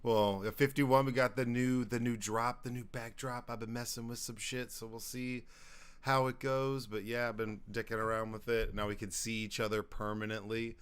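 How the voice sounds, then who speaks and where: A man's voice: medium pitch, little pitch movement, normal speed, clean tone. A young man co-hosting a casual podcast, rambling and swearing, pressing to finish his point. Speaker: podcast co-host.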